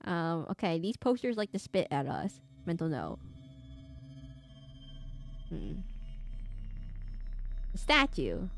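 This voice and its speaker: A woman's voice: on the low side, huge pitch swings, slow, pauses often. A woman giving casual let's-play commentary on a horror game, reading game text aloud with wry asides. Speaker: gamer playing a horror game. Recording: faint game music behind.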